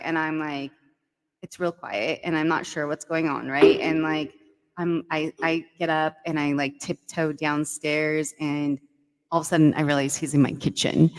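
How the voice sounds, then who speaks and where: Low-pitched woman, casual podcast storyteller, animated and filler-heavy, roomy reverb. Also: normal speed. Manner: animated, heavy use of "like" and "right?". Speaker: guest storyteller.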